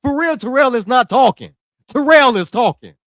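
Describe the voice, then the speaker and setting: A man's voice: very high-pitched, expressive, normal speed, fairly bright tone, no room sound, studio quality. A young man hosting a wrestling podcast, ranting in a heated, slangy, scolding way. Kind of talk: casual ranting commentary.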